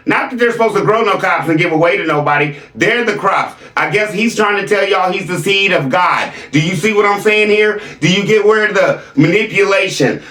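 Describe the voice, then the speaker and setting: A man's voice: high voice, fairly bright tone, reverberant, far from the mic. A man hosting a reaction video, mocking a clip with sarcastic commentary and repeated catchphrases.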